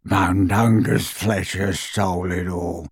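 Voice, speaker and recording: A croaking, bitter old house elf. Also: male voice, deep voice, fairly even intonation, no room sound, clean studio sound, pitched below the performer's own voice, heavily acted. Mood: grudging. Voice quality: croaking bullfrog voice. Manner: muttering, slow and grudging. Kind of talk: audiobook character voice.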